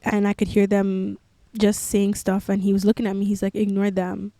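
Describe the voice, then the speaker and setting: A woman's voice: medium pitch, monotone, normal speed, warm tone, no echo. A young woman hosting a podcast, telling her own story candidly and peppering her speech with "like". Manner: candid, filler-heavy with frequent "like". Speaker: podcast host. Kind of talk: personal storytelling.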